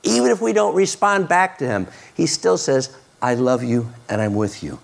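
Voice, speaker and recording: Gravelly man preaching with earnest fervor. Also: mid-range voice, normal speed. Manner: earnest, repeats words and restarts, rises to loud excitement. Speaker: pastor. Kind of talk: sermon.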